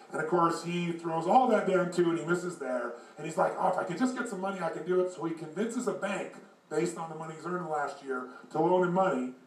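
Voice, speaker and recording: High-voiced animated male storyteller. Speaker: motivational speaker. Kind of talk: motivational storytelling talk. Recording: echoey room, far from mic.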